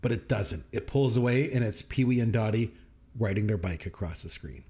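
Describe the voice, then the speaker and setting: A man co-hosting a podcast, recounting movie scenes with enthusiasm and quick quoted voices. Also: fairly low pitch, mellow. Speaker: podcast co-host. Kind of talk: casual movie review chat.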